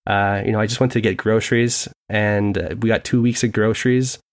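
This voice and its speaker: A young man co-hosting a casual sports podcast from home, telling animated stories and laughing often. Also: lowish voice, brisk. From United States. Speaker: podcast co-host.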